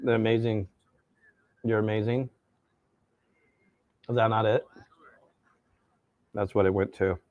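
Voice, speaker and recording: A man's voice: fairly low pitch, steady tone, takes it slowly, long pauses, dry recording, lo-fi sound. A man chatting casually on a live cooking stream, enthusiastic and a bit tired from staying up late. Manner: enthusiastic, chatty, storytelling with voices.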